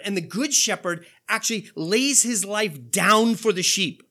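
A male pastor preaching a sermon, asking rhetorical questions and quoting scripture with animated delivery. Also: high voice, measured pace, slightly rough.

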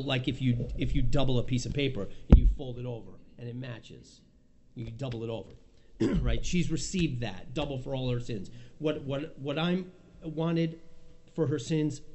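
A man's voice: medium pitch, a little mellow. A man preaching an expository sermon, reading scripture and acting out the voices of the Lord and Isaiah.

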